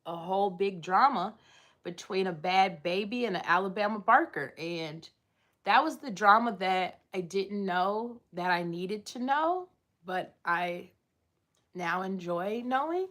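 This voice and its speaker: A woman's voice: mid-range voice, animated, unhurried, a bit bright. A woman hosting a casual livestream, rambling and chatting as she reads and answers viewer comments from home. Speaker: livestream host. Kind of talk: casual live chat.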